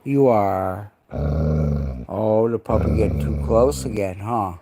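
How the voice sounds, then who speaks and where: A man's voice: fairly low pitch, expressive, slow, noisy background. A man chatting casually on a live stream at home, cooing baby talk to his dogs in between. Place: indoors at home.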